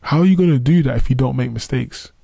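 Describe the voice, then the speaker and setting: Mellow-voiced man hosting a motivational podcast. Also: mid-range voice, fast, creaky, no echo. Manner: earnest, conversational, self-deprecating asides. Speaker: podcast host. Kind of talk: solo motivational podcast monologue.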